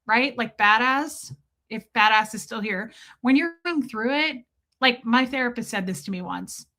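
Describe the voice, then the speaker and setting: Woman streamer chatting w her viewers, bright voice pitched a bit high, swears a lot. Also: moderate pace. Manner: candid and profane, talks straight to chat. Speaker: livestream host. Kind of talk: casual livestream chat reading comments.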